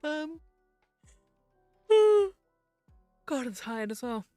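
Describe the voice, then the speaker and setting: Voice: high voice, sing-song, very slow, mellow, no room sound, faint music behind. A VTuber streamer in casual live-stream chat while gaming, rambling, teasing friends and muttering to themself.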